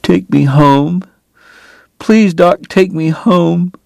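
A woman's voice: fairly low pitch, extremely slow, creaky, warm tone, dry recording, voice pushed up, exaggerated voice. A man reading an audiobook, voicing a tearful woman who begs her dying lover, with a few words slipped into French. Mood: begging. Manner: pleading, sobbing, slips into French.

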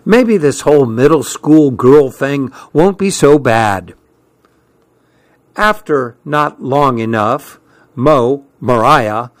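A man narrating a first-person story at an unhurried, deliberate pace. His voice sits at a mid pitch and stays calm and measured. The sound is dry and close to the mic, with no room around it. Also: no room sound. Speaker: audiobook narrator.

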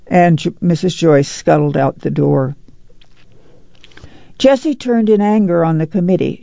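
A novel narrator reads in a plain, measured way with a gravelly, dark voice. The recording sounds dry and close, with a dull lo-fi quality. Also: medium pitch, dry recording. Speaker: audiobook reader.

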